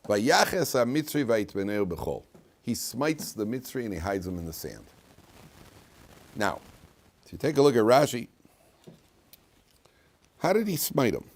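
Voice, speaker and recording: A man rabbi giving a storytelling Torah lecture to students, animated, dropping to quiet asides and then bursting out loud, teasing his listeners. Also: medium pitch, measured pace, long pauses. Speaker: rabbi teaching a class.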